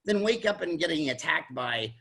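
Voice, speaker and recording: A man in his sixties who hosts a podcast, telling stories in a casual chat, animated, stumbling into restarts and acting out the people he quotes. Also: a little high, gravelly, slightly rough. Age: 60s. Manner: animated storyteller, quick restarts, acts out quotes. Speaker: podcast host, dentist.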